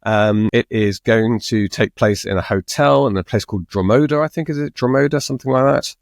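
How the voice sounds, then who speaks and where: A man's voice: lowish voice, fairly quick, creaky, dry recording, clean studio sound. A man co-hosting a writing podcast in casual chat, jokey and rambling. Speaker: podcast co-host.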